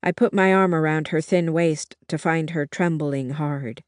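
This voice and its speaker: Measured audiobook narrator, unhurried, dry close sound. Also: medium pitch, fairly even intonation, clean tone, dry recording. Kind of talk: first-person novel narration.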